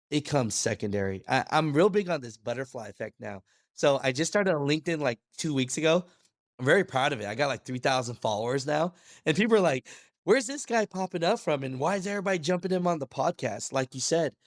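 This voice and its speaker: Male podcast guest, lively storytelling, acts out quotes, frequent restarts, mid pitch, dry close sound. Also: no room sound. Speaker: podcast guest, trucking video creator. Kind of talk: casual podcast conversation.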